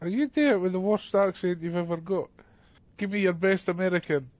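A man with a high voice needles his co-host in casual podcast chat, blunt and teasing, with swearing thrown in. The recording sounds dull and lo-fi. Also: fairly even intonation, brisk, a little mellow.

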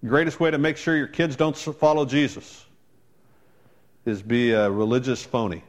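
A man's voice: medium pitch, fairly even intonation, moderate pace. A man preaching a sermon as a pastor, telling a personal story in a conversational way with wry asides.

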